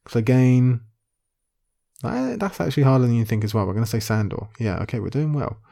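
A man's voice: mid-range voice, big pitch swings, fast, gravelly, dark tone. A man thinking aloud as he plays an online quiz, muttering his guesses half to himself before he settles on an answer. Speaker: video creator playing an online quiz. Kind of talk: casual thinking-aloud commentary.

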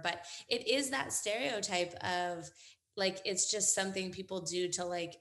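A woman's voice: on the low side, moderate pace, a bit bright. A young adult woman, a hair educator, chatting casually as a podcast guest, agreeable and upbeat. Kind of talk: casual interview chat.

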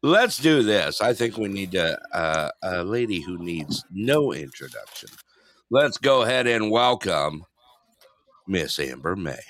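A man's voice: deep voice, very animated, unhurried, fairly bright tone. A man hosting a live podcast, introducing guests in casual chat and laughing often. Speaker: host.

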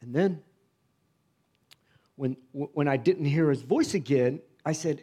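Middle-aged pastor guy telling his testimony from the pulpit, kinda high voice, goes quiet then loud. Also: measured pace, slightly rough. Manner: conversational storytelling, swings from hushed to emphatic. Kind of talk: sermon testimony.

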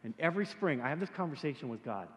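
Male pastor, high and very expressive voice, joking sermon delivery with stuttered restarts, reverberant church hall. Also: fast talker. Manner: animated, joking, repeats words when starting sentences.

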